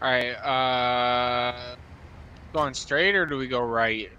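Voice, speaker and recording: A man's voice: medium pitch, fairly even intonation, slow pace, bright, forceful tone, lo-fi sound, slight background noise. A man chatting casually while playing a game with friends, joking and swearing often. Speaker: gamer streaming with friends.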